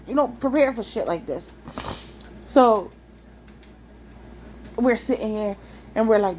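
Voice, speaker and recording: A young woman telling a wild personal story in a casual, animated, profane way, laughing often. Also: medium pitch, moderate pace, pauses often, slight background noise.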